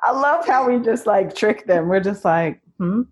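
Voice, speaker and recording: A woman hosting a casual interview, relaxed and laughing easily as she asks questions. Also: medium pitch, moderate pace. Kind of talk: casual conversation.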